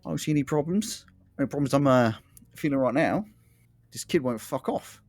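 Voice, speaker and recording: A man's voice: mid-range voice, lively intonation, a little fast, darkish tone, no room sound, faint music behind, pitched above the performer's own voice, lightly acted. A man voicing a menacing adult male thug with a bat, his accent wandering between two. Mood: dismissive. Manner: mixed inconsistent accents, menacing.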